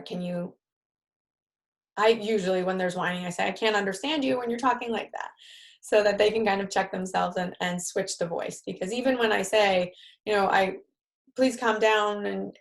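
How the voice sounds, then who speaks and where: A woman with a New York accent runs an online parenting workshop in a relaxed, conversational way. She acts out short example phrases for parents to say to their children. Her voice sits in an ordinary middle register. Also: medium pitch. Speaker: parenting group leader. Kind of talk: live-streamed parenting workshop talk.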